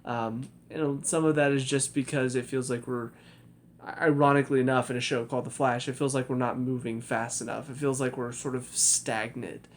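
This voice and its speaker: A man's voice: mid-range voice, fairly even intonation, moderate pace, slight background noise. A young man giving a casual spoken review of a TV episode, hesitant, with many fillers and restarts. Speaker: TV review vlogger.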